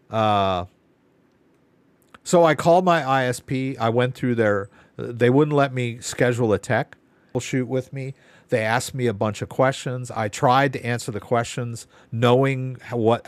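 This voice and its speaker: A man's voice: medium pitch, no room sound. A man hosting a live Q&A stream, telling a rambling story with exasperated asides. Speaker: live Q&A host. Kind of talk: casual live-stream chat.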